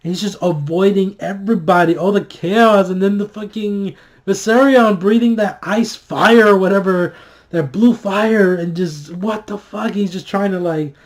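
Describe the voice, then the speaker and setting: A man with a slightly high voice talks through a TV episode in a loose, casual review. He gets worked up easily, swears freely, and keeps trailing off into "uh" and "like" as he restarts his sentences. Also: normal speed. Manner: excitable, swears freely, many fillers and restarts.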